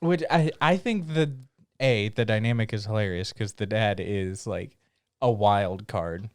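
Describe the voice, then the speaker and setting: A man's voice: fairly low pitch, a little slow, clear, resonant tone, dry recording, clean studio sound. A man co-hosting a podcast in casual chat, laid-back and often laughing. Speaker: podcast co-host. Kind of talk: casual chat about anime.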